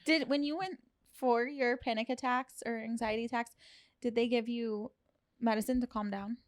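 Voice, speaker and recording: A woman with a fairly high voice trades teasing jokes in a casual podcast chat. The mic is close and dry, with no room sound. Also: steady tone, no room sound. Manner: teasing, quick jokes and asides. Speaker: podcast co-host.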